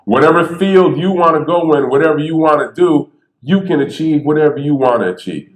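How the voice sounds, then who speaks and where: A man who stutters, telling stories on stage in a lively, conversational way and acting out the people he quotes. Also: a little high, fairly quick. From Bridgeport, Connecticut. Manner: animated, conversational, acts out quotes. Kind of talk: storytelling talk. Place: theater stage. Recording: echoey theater.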